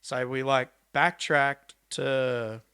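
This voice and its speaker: A young Australian man, a pro mountain biker, telling a story in a casual, animated way, acting out quotes with laid-back slang and swearing. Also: mid-range voice, drawn-out words, clear, resonant tone. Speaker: podcast guest, pro mountain bike rider.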